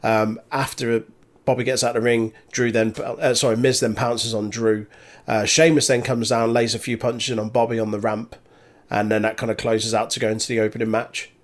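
A man chatting casually as a podcast co-host, animated, laughing often and swearing. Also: medium pitch, a little fast. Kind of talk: casual chat recapping a wrestling show.

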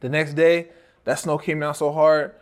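Ex-player guy, chill storytelling, bit higher voice. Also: flat delivery, moderate pace, smooth. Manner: laid-back, conversational. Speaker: podcast co-host, former football player. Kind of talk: casual storytelling.

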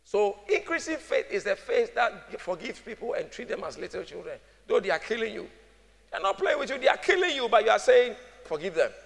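A man's voice: sits high, big pitch swings, a little fast, creaky, fairly bright tone. A man preaching a sermon as pastor, calling the congregation to answer and acting out the people in his stories. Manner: preaching with call-and-response, acting out voices. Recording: music with long hall reverb.

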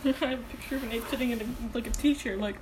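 A teenage girl co-hosting a casual podcast, rambling, deadpan and swearing freely. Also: fairly high pitch, very fast, a little hiss or hum, low-quality recording. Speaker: podcast co-host. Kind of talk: casual chat.

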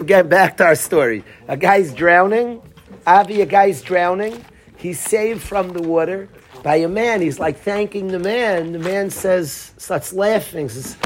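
A man's voice: high voice, animated, moderate pace, slight background noise. A man teaching a Torah class, telling a story and quizzing his students by name.

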